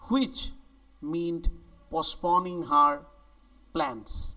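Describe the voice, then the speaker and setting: Slow, gravelly high-pitched male teacher. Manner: slow and deliberate, lively emphasis on key words. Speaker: English grammar teacher. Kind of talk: explanatory grammar lesson. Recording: voice a bit distant from the mic.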